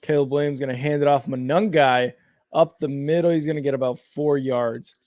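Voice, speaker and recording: A man's voice: medium pitch, fairly even intonation, normal speed, darkish tone, no room sound. A man co-hosting a live game watch-along, talking casually with lots of fillers and restarts, calling plays as they happen. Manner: rambling, filler-heavy, self-correcting. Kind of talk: casual live sports chat and play-by-play reactions.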